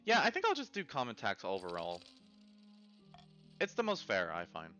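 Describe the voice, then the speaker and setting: A man narrating a tabletop game as game master, lively and laughing often. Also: on the low side, normal speed, faint music behind.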